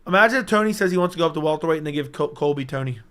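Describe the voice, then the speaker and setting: A hoarse man hosting a livestream in casual commentary, answering chat with blunt, profane banter. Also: fairly high pitch, expressive, rapid-fire, a bit bright, no echo. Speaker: livestream host.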